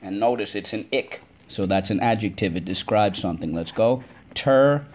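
A man's voice: on the low side, fairly quick, a little mellow. A man teaching a spelling lesson to kids, drilling words in call-and-response and stretching them out syllable by syllable.

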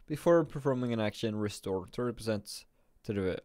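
A man's voice: on the low side, animated, normal speed, darkish tone, no echo, clean studio sound. A man giving casual game commentary while drowsy from just waking up, thinking aloud and often restarting his sentences. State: drowsy, just woke up and yawning. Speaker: gaming video creator.

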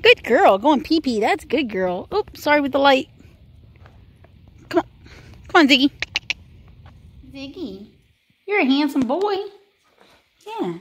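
A woman's voice: high voice, a little hiss or hum. A woman, filming a casual vlog as a pet sitter and talking to dogs in sing-song baby talk.

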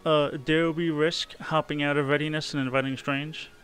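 A man co-hosting a game livestream, wry and quick to laugh. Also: fairly high pitch, little pitch movement, a bit bright, faint music behind. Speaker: livestream co-host and player. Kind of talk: casual gaming chat.

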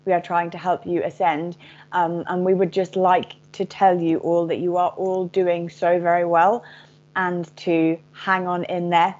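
A woman channeling a collective of benevolent spirit beings in a gentle, reassuring manner, calling listeners dear ones. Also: fairly low pitch, flat delivery, measured pace, muffled recording, natural voice. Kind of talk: channeled message.

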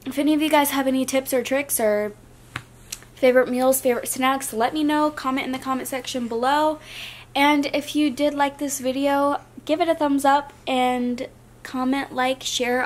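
A young adult woman vlogger talking casually to the camera in a chatty, rambling, soft-spoken way. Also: high voice, a little hiss or hum.

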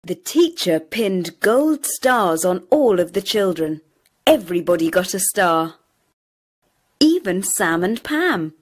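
Woman narrator, children's storybook reading, slow unhurried pace, lively rising and falling voice. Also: fairly low pitch. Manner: slow, clear and expressive.

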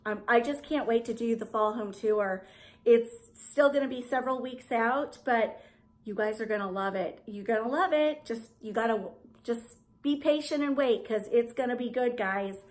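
A woman's voice: a little high, moderate pace. A middle-aged woman, chatting to camera in a gushing, rambling way about home decorating. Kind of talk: casual chat to camera.

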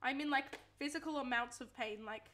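Australian woman, live gamer, pitched slightly high, frustrated and begging, chatty with her viewers. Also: a little fast, bright, forceful tone, a little hiss or hum. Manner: exasperated, pleading, talks to chat. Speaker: streamer. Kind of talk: casual live-stream gaming chatter.

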